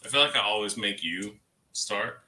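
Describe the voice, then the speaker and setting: A man's voice: on the low side, moderate pace, pushed and bright. A man co-hosting a casual livestream, chatting in a rambling way and laughing easily. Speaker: livestream co-host. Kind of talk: casual chat.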